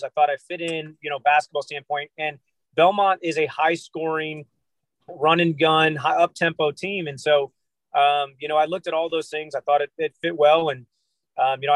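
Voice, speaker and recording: Man, 30s, from the US, animated storyteller, slightly raised pitch, dead-dry recording inside a car. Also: no echo, rough recording. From United States. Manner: lively storyteller who acts out quotes. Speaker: guest, basketball trainer. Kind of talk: casual podcast interview.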